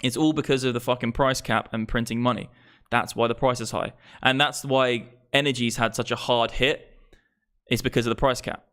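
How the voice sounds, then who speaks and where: A man's voice: medium pitch, steady tone, moderate pace, a bit bright. A man of about thirty, ranting exasperatedly and profanely on a live stream about money and prices. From England. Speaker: crypto streamer.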